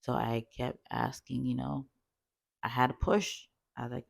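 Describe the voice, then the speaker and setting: A woman telling a call-center story in a chatty, animated storytime vlog, full of fillers. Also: a bass voice, unhurried, vocal fry, husky, dry recording, clean studio sound.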